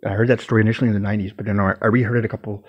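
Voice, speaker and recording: A man's voice: fairly low pitch, little pitch movement, racing, lo-fi sound. A man telling a personal story casually, in an intense, emphatic way and with some swearing.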